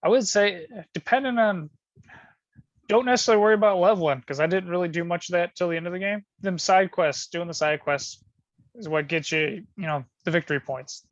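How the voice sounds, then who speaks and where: Laid-back man, higher voice, dull lo-fi mic, casual game chat. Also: brisk, dry recording. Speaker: board game group member. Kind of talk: casual group discussion.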